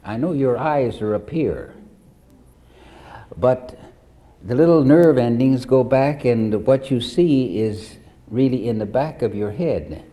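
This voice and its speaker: Mellow-voiced male pastor preaching. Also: mid-range voice, animated. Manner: storytelling, measured, addresses the congregation directly. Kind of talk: sermon.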